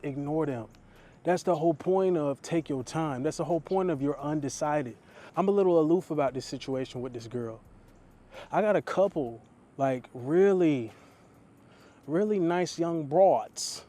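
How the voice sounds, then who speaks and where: A man's voice: high-pitched, dark tone. A young man, a dating coach, giving a blunt, slangy motivational talk straight to camera.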